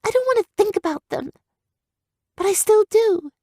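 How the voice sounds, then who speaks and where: A woman reading an audiobook, voicing a headstrong young human girl raised among griffins, with high, strained, intense outbursts. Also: expressive, moderate pace, warm tone, no echo, clean studio sound. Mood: pleading.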